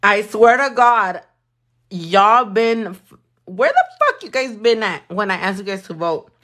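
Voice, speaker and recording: A woman's voice: mid-range voice, big pitch swings, a little slow, fairly bright tone. A woman, chatting casually and cursing freely while livestreaming her nail work. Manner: sassy, swears a lot, mixes in Spanish.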